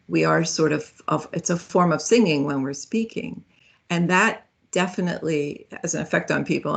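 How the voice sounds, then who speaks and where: Woman giving a talk over a video call, kinda gravelly, chatty with lots of ums. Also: low voice. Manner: conversational, with self-corrections and fillers. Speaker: guest speaker. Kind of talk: speaker-series talk.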